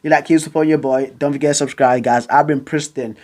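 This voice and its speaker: A man's voice: a little high, steady tone, quick pace, darkish tone. A young man vlogging casually about football, rambling and stuttering, with giggles, side tangents and lots of slang. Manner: slangy, calls viewers bro and fam. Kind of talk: casual chat to camera.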